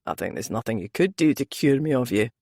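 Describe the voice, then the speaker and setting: Scottish lover, gruff and murmuring low, read by a woman narrator, dry close audiobook sound. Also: sing-song, a little fast, darkish tone, no echo, heavily acted. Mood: tender.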